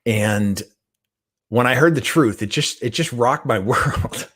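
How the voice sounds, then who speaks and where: A middle-aged man giving a motivational talk, telling a story in an animated, conversational way and often checking in with the listener. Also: medium pitch, slow. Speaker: guest trainer and speaker.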